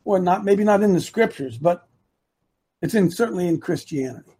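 A man's voice: sits high, expressive, moderate pace, mellow, slightly rough. A man hosting a live opinion talk show, rambling and repeating himself for emphasis while talking to his producer and the chat.

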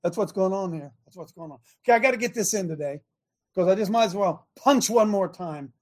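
A man's voice: high voice, animated, brisk, a little mellow. Male call-in host, preachy and emphatic, hammers points by repeating himself. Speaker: talk show host. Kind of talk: call-in religious talk show.

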